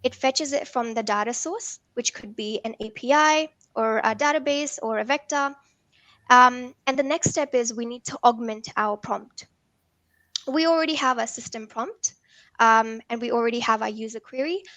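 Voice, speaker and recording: A woman talks through a technical workshop, pitched a touch high. She explains patiently and leans on frequent ums and uhs. The sound is close and dry. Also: moderate pace, a bit bright, no room sound. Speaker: workshop presenter.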